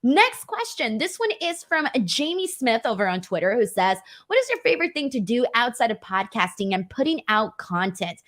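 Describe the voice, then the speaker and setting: Chatty young woman, lively and high. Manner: chatty, animated, many fillers. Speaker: wrestling media host. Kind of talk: casual Q&A vlog.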